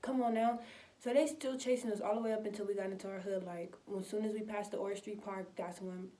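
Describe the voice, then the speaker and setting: A young woman from Compton, telling a storytime vlog in animated, slangy, filler-heavy speech. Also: medium pitch, fairly quick. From Compton, California. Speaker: vlogger. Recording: voice somewhat distant from the mic.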